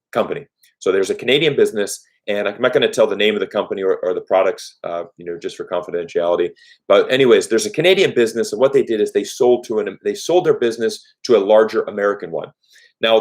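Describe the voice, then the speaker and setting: A man hosting a live Q&A stream, talking earnestly and telling stories with lots of "you know" fillers. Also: fairly low pitch. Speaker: livestream host. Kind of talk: live Q&A chat. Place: Vancouver, Canada.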